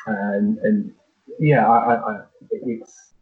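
A middle-aged man speaking reflectively in a halting way, searching for his words. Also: on the low side, steady tone. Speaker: podcast guest, flag football parent. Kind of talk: casual chat, reflective. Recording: tinny phone-like line.

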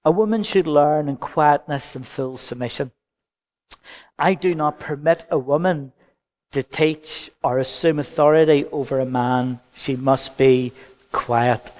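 A man, a pastor preaching a sermon in church with gentle humour and personal stories. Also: medium pitch, unhurried. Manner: anecdotal, gently humorous preaching.

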